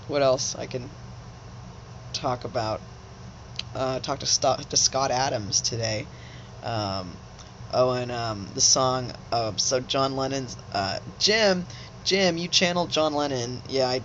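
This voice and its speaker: Halting, rambling male vlogger. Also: on the high side, a bit bright. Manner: halting, many fillers and restarts, laughs often. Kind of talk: rambling casual monologue. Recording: slightly dull home recording with faint hiss.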